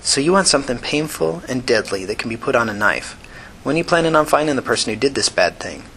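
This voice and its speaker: Man doing a chill shrewd poison dealer girl, smooth rich voice, bright tone. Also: medium pitch, lively intonation, a little hiss or hum, rough recording. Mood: wry. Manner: unhurried, wry. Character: young woman poison seller, calm and shrewd.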